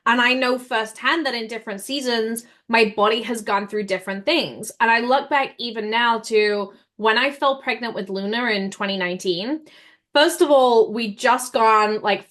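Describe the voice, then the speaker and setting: A woman in her thirties hosting a casual podcast chat, telling personal stories in an earnest, animated way. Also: a little high. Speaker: host.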